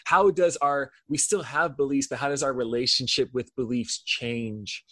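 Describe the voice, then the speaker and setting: A man's voice: mid-range voice, normal speed, fairly bright tone, no room sound. A middle-aged man hosting a podcast interview, reflective and affirming as he asks questions. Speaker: podcast host. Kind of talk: casual interview.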